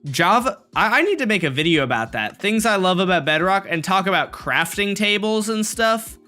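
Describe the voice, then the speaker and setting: A man's voice: high-pitched, lively intonation, normal speed, sharp tone, faint music behind. A young man casually chatting and joking with his live-stream chat while building in a block game, rambling and goofy.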